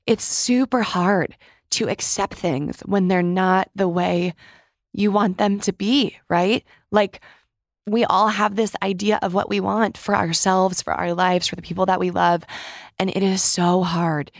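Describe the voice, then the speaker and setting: A woman's voice: medium pitch, measured pace, no room sound, clean studio sound. A woman hosting her own podcast, talking earnestly and heartfelt straight to her listeners in a reflective monologue. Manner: earnest, heartfelt, speaks to listeners as "you guys". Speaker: podcast host.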